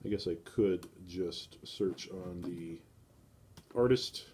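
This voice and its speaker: A man's voice: low-pitched, slow, mellow, slight background noise. A man streaming live, musing casually over estate sale art listings and wandering off into tangents, with many fillers. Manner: rambling, thinking aloud with many fillers.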